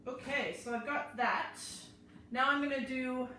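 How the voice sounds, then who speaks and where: A woman's voice: sits high, fairly even intonation, a little slow, bright, forceful tone, slight background noise. A woman hosting a live cooking class, chatting her way through each step as she chops and prepares food in a kitchen. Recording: very echoey room, mic far off.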